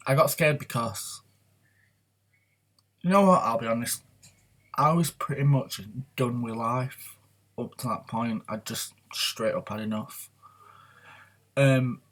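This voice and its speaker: Guy rambling on his vlog, open and confessional. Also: mid-range voice. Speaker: vlogger. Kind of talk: candid personal vlog talk.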